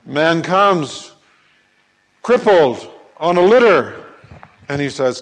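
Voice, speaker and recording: Unhurried preacher in a reverberant hall. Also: male voice, a little high. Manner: animated storyteller who acts out scripture voices, sometimes hollering. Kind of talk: sermon.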